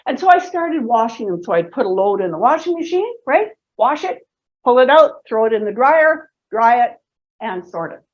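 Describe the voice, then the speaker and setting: Lively high-voiced woman in her sixties telling stories. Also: normal speed. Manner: animated, humorous, asks the audience questions. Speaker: speaker presenting to students. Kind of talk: storytelling talk. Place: lecture hall. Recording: dull lo-fi recording.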